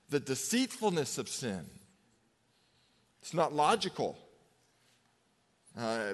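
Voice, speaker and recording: Fifty-something pastor in a reverberant hall. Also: male voice, mid-range voice. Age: 50s. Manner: conversational preaching with personal stories and slow emphatic pauses. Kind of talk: sermon.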